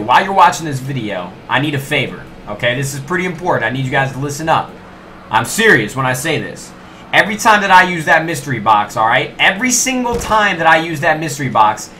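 A young man giving live gameplay commentary, animated and self-mocking, talking straight to his viewers. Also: mid-range voice, slight background noise. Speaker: gaming YouTuber.

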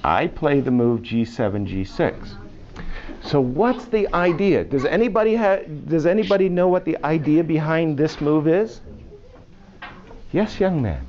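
A man's voice: a little high, animated, unhurried, darkish tone. A man teaching chess to a class of children, playfully quizzing them with questions. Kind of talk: classroom lesson. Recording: muffled classroom video with faint hiss.

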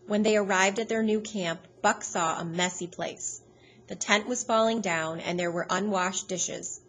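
A woman's voice: medium pitch, fairly even intonation, measured pace, a bit bright, slight background noise, rough recording. Woman reading a storybook aloud. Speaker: audiobook narrator. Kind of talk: scripted storybook narration.

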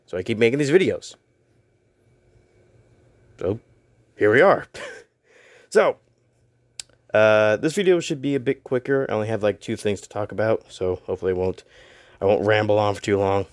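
A man's voice: on the low side, moderate pace, long pauses, no echo, clean studio sound. A young man casually talking to camera in a vlog, rambling a little and tripping over his own words. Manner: rambling, self-deprecating, stumbles over words. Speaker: YouTuber and voice actor.

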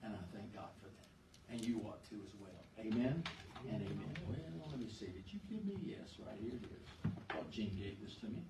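A male pastor preaching a sermon in a church, emphatic, swinging between loud and soft and asking the congregation questions. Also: lowish voice, animated, moderate pace, background noise. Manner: emphatic, rises and drops sharply in volume, asks the congregation questions. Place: church sanctuary. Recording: echoey church room, far mic.

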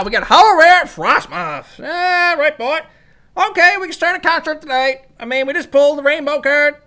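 A YouTuber gives excitable, hyped-up commentary while opening trading card packs and calling out each card. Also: sits high. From Newfoundland, Canada. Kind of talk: casual pack-opening commentary.

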